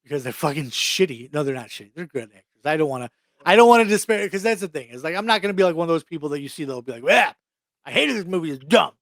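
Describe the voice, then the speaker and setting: A man's voice: a little high, expressive, very fast, dry recording. A young adult man co-hosting a podcast, ranting bluntly and swearing freely in casual chat. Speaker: podcast co-host.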